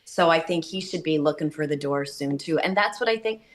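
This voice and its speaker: Female politician guest, chatty storyteller, somewhat low voice. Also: brisk. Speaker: state senator, guest. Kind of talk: casual radio interview.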